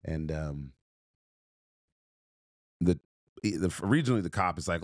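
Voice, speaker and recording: A man's voice: deep voice, normal speed, pauses often, no room sound, studio quality. A man telling a story on a podcast in an emphatic, punchy way, repeating phrases and restarting.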